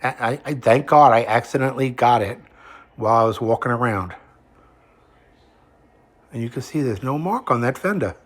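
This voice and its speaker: A man narrating a video walkaround of his truck in a relaxed way, pointing out details as he goes. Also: medium pitch, moderate pace, long pauses.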